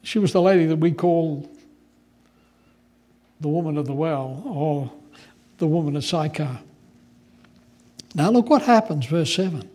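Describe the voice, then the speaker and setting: A male pastor delivering a sermon in a fairly high voice. His preaching is animated and conversational. He moves easily between explaining scripture and telling stories. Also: unhurried, pauses often.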